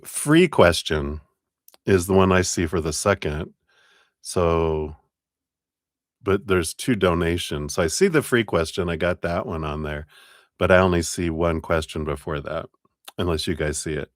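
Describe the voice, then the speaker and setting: A man's voice: low voice, very animated, unhurried, dry recording, studio quality. A man hosting a live tarot stream, casually greeting viewers by name and thanking them.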